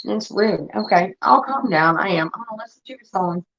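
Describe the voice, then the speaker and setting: A woman's voice: medium pitch, lively intonation, fairly quick, a bit bright. A woman from Indiana hosting a livestream, ranting heatedly and swearing a lot in casual talk. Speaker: livestream host. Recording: dull lo-fi stream audio.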